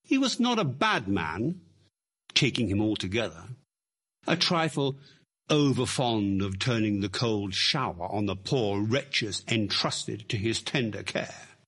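A man reading a story aloud in a dramatic, expressive way, dropping to hushed asides. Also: fairly low pitch, unhurried, slightly rough. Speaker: narrator.

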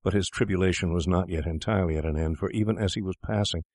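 A man reading a classic story aloud in a measured, deliberate narration. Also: low-pitched, a little mellow, dry recording, clean studio sound.

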